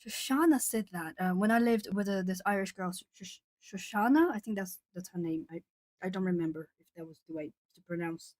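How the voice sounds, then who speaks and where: An animated young woman in casual chat with her viewers, laughing often and circling back over her words. Her voice has an ordinary middle pitch for a woman. It is recorded dry, with no room sound. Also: fairly quick, no room sound. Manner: chatty, laughs often, repeats and restarts words. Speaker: art channel host.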